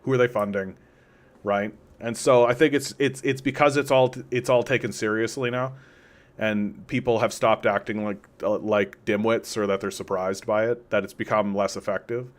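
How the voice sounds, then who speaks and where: A man's voice: on the low side, steady tone, moderate pace. A man hosting an unscripted political commentary stream, talking casually and rambling, reading chat comments and acting out imagined quotes in mocking voices. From Canada.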